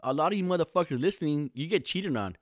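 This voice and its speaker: A man's voice: on the high side, animated, quick pace, dry recording, studio quality. A man in his thirties from California, talking alone in a casual, rambling, profane podcast monologue full of slang.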